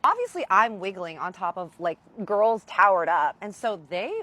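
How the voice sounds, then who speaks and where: A young woman telling a casual storytime vlog, animated and playful, swearing freely. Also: mid-range voice, normal speed, slight background noise. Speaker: storyteller vlogger.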